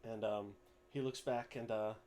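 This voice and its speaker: A man narrating as game master in a tabletop game, relaxed and descriptive. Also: on the low side, a little slow.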